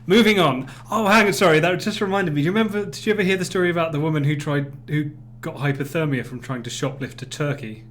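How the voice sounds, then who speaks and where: A man's voice: on the high side, quick pace, hardly any pauses, fairly bright tone, slight background noise. A man hosting a casual live game show, joking while he runs the rounds. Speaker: game host.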